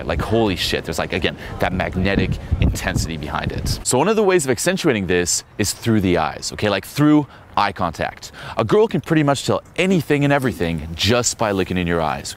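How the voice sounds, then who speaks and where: A man's voice: sits low, noisy background. A young man giving a casual dating-coach talk outdoors, swearing freely, full of fillers and acted-out quotes.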